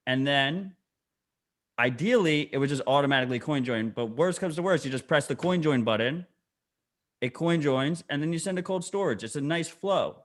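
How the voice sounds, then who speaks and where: A man's voice: on the high side, lively intonation, moderate pace. A man co-hosting a podcast, explaining things bluntly and swearing in casual chat. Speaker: podcast co-host.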